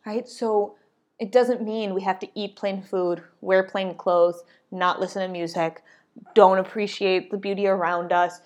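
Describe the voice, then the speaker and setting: A young adult woman hosting a podcast, talking in a casual, reflective way. She is chatty and expressive and often adds "like" and "right?". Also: fairly high pitch. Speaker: podcast host.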